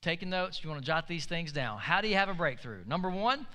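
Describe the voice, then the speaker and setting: Male pastor, high clear voice, storytelling sermon, echoey hall. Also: expressive, brisk, pushed and bright. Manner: storytelling, conversational preacher with call-and-response.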